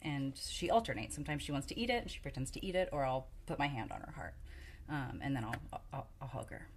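A woman's voice: rumbling low, lively intonation, quick pace, a little hiss or hum. A young adult woman co-hosting a casual parenting talk, chatty and hedging as she shares what works with her daughter. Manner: chatty, hedging, many fillers and laughs. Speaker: podcast co-host.

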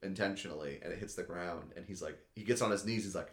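A man chatting casually as a podcast host, rambling and excitable, leaning on "like" and swearing a lot. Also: low-pitched, fast. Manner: rambling and excitable, heavy use of "like", swears often. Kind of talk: casual chat recapping an anime episode. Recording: echoey room.

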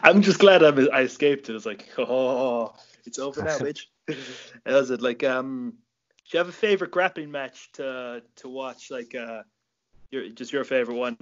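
A man's voice: mid-range voice, animated, normal speed, a bit bright. Laid-back man, casual podcast chatter, heavy on "like" and swearing, muffled mic. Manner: laid-back, swears a lot, says "like" often. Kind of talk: casual chat. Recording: slightly dull lo-fi sound.

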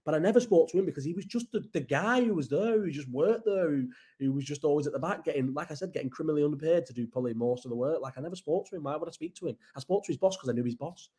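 Rapid-fire and warm with a breathy edge, this slightly high male voice belongs to a Bolton-accented live chat host from the Bolton area, England, who rambles and swears bluntly.

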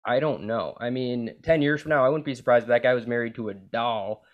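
A young man hosts a crude, casual podcast chat. He rambles from one tangent to the next, swears freely and leans on "like" and "bro" in nearly every sentence. His voice sits at an ordinary middle pitch for a man. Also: fairly quick, dull audio, a little hiss or hum. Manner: rambling, profane, says "like" and "bro" constantly. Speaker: podcast host.

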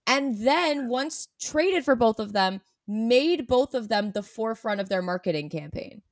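A woman chatting casually as a podcast co-host, animated and sarcastic when she reads quotes aloud. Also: on the high side, a little slow, no echo, clean studio sound. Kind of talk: casual chat.

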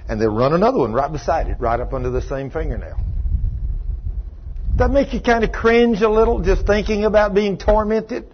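An older preacher tells his story in a folksy way and acts out the dialogue himself. His voice sits a little high and sounds husky. The recording is muffled and lo-fi. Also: expressive, brisk. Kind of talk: sermon.

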